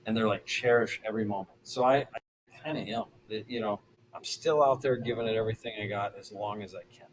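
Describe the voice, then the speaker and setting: A middle-aged man, a former pro pitcher, telling stories casually as a podcast guest and acting out the people he quotes. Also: brisk, slight background noise, low-quality recording. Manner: animated, acts out quoted voices. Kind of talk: casual storytelling.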